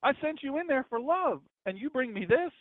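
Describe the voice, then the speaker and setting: A man's voice: very high voice, animated, normal speed, no room sound, voice pushed up. A man voicing an exasperated, nagging sick wife in a sermon story. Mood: exasperated scolding. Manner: scolding, nagging. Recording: dry tinny phone-like sound.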